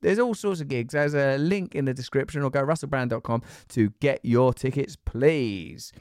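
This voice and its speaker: A man's voice: medium pitch, moderate pace, darkish tone, no room sound, clean studio sound. A man hosting a podcast, joking and bantering playfully with his co-host and reading listener comments. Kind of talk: casual podcast chat.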